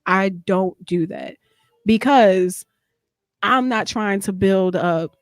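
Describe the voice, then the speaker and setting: A woman in her thirties, a guest author sharing her personal story in a radio interview, candid and animated. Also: medium pitch, slow, no echo, studio quality, faint music behind.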